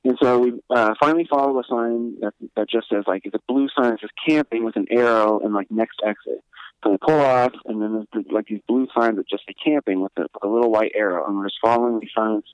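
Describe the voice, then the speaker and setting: A man's voice: on the low side, a little fast, smooth, no room sound, rough recording. A man who is a musician guest on a podcast, telling a story casually in a rambling, profane way full of fillers.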